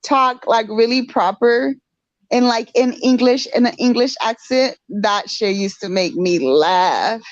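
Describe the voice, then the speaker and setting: Slow-talking woman, laid-back. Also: on the high side, no echo, dull audio. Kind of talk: casual chat.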